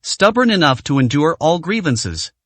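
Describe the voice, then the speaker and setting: A man's voice: a little high, big pitch swings, moderate pace, fairly bright tone, no echo. A man narrating a translated romance story in a scripted storytelling style.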